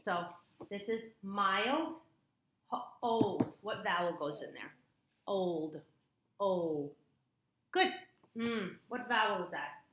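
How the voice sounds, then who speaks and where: A woman tutoring a child in phonics one-on-one, patient and encouraging, repeating words slowly in a classroom. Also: lowish voice, lively intonation. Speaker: reading tutor. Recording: echoey room, faint noise.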